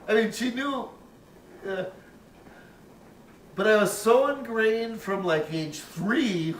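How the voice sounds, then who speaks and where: A man's voice: high-pitched, slow, distant mic, a little hiss or hum. An older man casually telling a personal story, rambling and profane, with chuckles. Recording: roomy, off-mic, faint ambience.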